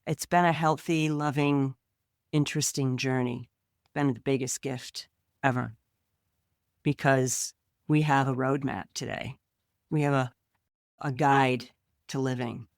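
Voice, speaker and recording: A woman's voice: very deep voice, steady tone, a little slow, pauses often, no room sound, studio quality. A woman co-hosting a podcast, talking in an earnest, reflective way. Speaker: podcast co-host. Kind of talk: casual podcast chat.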